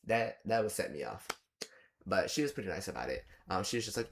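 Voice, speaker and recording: A man's voice: on the low side, very animated, moderate pace, a little hiss or hum. A young man giving a rambling, exasperated casual movie review, often slipping into mock quotes of the characters. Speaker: movie reaction host.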